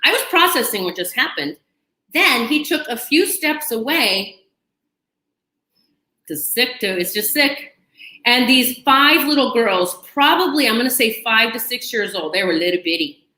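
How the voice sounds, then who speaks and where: A woman's voice: a little high, lively intonation, unhurried, pushed and bright. A woman host telling a personal story to camera in a chatty, dramatic way, with asides and laughter. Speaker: channel host. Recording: echoey room.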